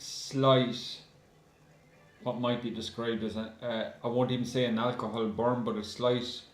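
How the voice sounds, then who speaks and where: Man, mid-pitched, casual chatty reviewer, hesitant fillers, echoey room. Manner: chatty, addresses viewers as guys, many ums. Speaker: beer reviewer. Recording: roomy echo.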